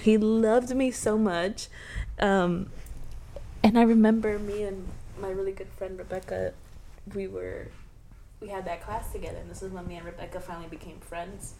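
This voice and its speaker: A young woman co-hosting a podcast, telling stories in an animated, laughing, casual way with plenty of swearing. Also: mid-range voice, normal speed, creaky. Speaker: podcast co-host. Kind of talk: casual chat. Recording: faint background noise.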